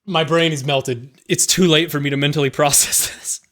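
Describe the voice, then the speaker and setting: Excitable, swearing game streamer. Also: medium pitch, moderate pace. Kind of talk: live game stream commentary. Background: game music.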